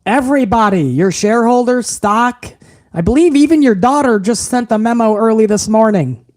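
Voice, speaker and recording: A man's voice: very high voice, animated, moderate pace, darkish tone, no echo, clean studio sound. A man voicing an anxious male staffer who urgently warns his boss.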